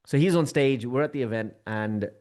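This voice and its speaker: A man speaks as a guest on an interview podcast. He recounts a story in a casual, animated way and shifts his tone to act out what others said. His voice sits at an ordinary middle pitch for a man. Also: normal speed. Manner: lively, acts out quoted dialogue with shifting tone. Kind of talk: storytelling anecdote in conversation.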